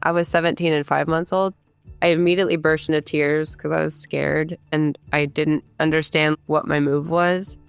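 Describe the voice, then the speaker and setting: A woman's voice: low voice, level tone, moderate pace, vocal fry, clean tone, no echo, soft background music. A woman in her thirties, originally from Michigan, recounting her own story in candid conversational speech with frequent fillers. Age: 30s. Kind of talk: personal storytelling.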